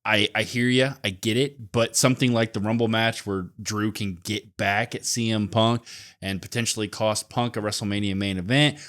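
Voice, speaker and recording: A man co-hosting a podcast, chatting casually about wrestling with a relaxed, hedging manner. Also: on the low side, moderate pace. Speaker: podcast co-host. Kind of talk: casual wrestling recap chat.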